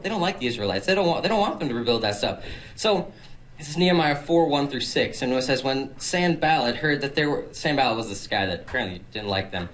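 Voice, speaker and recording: A teenage boy preaches to a small audience in a relaxed, conversational way. His voice sits a little high for a man, and he keeps stumbling over words and restarting as he retells the story. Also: rough recording. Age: teens. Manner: chatty, filler-heavy retelling with many restarts. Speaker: youth preacher. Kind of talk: casual Bible talk. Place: nursing home.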